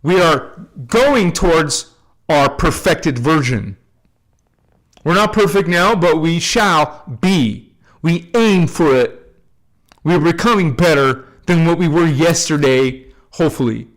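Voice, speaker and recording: A man hosting a spiritual channel, talking loosely to his viewers and closing with soft blessings and affirmations. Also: a little high, expressive, slow pace. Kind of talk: casual spiritual talk to camera.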